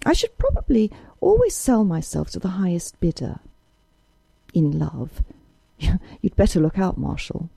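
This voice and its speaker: Audiobook role: a woman doing a calm, proud young woman, cold and measured, with a lilting, husky tone. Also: on the low side, no room sound, pitched above the performer's own voice, exaggerated voice. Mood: teasing. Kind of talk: audiobook character reading.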